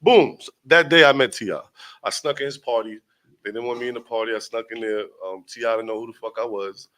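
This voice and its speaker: A young rapper from Brooklyn with a New York accent tells a long, profane story as a guest, acting out the other people in it. His mid-range voice is fairly bright and fast, and the recording is rough.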